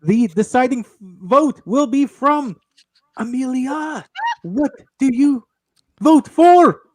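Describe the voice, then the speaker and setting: A man with a high voice runs the vote like a pretend lord, slow and ceremonious. His sound is close and dry, with no room around it. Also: expressive, no room sound. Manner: mock-formal, slow announcing. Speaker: tournament moderator, self-styled lord. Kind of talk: casual podcast chat with mock-regal announcing.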